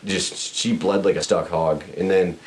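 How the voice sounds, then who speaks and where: A man's voice: sits low, fairly even intonation, a little slow. A young man telling a crude story on a podcast, blunt and profane, rambling with restarts. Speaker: podcast host.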